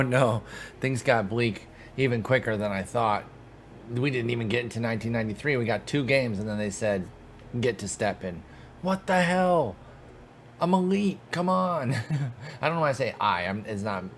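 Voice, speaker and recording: A man's voice: lowish voice, a little hiss or hum. A young man giving casual gameplay commentary, talking to himself and the game with exasperated, profane bursts of mock outrage. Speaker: gaming streamer.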